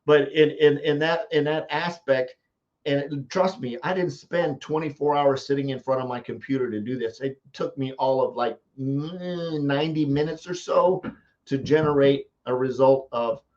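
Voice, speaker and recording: Emphatic man pitching on a live stream. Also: normal speed, a little mellow, muffled recording. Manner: emphatic, repeats phrases for effect. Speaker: marketing coach.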